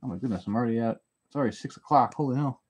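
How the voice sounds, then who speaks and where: A man's voice: mid-range voice, very fast, a little mellow, husky. A man hosting a live stream, chatting casually and rambling through answers to chat messages while he builds at home. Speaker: livestream host. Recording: noisy home stream audio.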